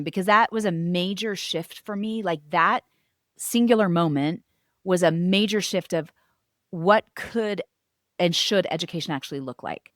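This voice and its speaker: A middle-aged woman, a former teacher and homeschooling mother, telling her family's story in an interview, animated and acting out what others said. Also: fairly low pitch, a little slow, dry recording, studio quality. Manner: animated, acts out quoted voices.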